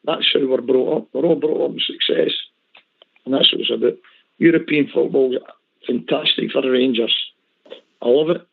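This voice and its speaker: A man's voice: mid-range voice, moderate pace, gravelly, long pauses. A man calling in to a fan radio show, emphatic and passionate. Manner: emphatic, passionate about football. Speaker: regular caller. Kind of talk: casual phone-in chat. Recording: phone-line call audio.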